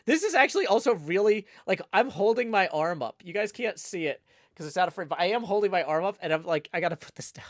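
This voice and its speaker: A man's voice: high voice, lively intonation, quick pace, no room sound, studio quality. A man chatting casually on a livestream, rambling and playful with lots of restarts. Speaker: livestreaming gamer.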